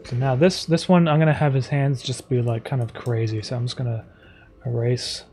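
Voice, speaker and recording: A man chats casually on a live stream while he works on a drawing. He speaks softly and meanders, filling pauses with "uh" and "like," at a middling pitch. Faint music plays in the background. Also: fairly even intonation. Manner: soft-spoken and rambling, with many fillers. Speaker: streamer and animator.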